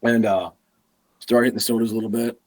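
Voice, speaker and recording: Husky-voiced man telling a hunting story. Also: medium pitch, quick pace. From Massachusetts. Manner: animated storyteller acting out dialogue. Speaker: podcast guest.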